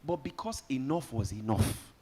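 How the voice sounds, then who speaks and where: A Nigerian man emcees a live summit in a conference hall. His pitch sits in the middle for a man, and his talk is lively and joking as he calls on the crowd. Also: moderate pace, husky. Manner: lively, joking, rallies the audience. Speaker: event host.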